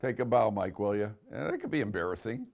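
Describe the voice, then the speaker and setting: A rabbi teaches his class with lively stories and humor. His voice sits a little low, and he often restarts his sentences. He slows down to chant Hebrew verses. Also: creaky. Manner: animated storyteller, frequent restarts, chanting Hebrew verses slowly. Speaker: rabbi teaching a weekly Torah portion class. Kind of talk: lively classroom Torah lecture.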